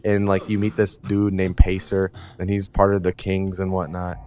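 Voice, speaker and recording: Low-voiced man rambling through a story. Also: completely flat delivery, normal speed, mellow, a little hiss or hum. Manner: rambling, filler-heavy, casual swearing. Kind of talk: rambling comedic recap of a video game from memory.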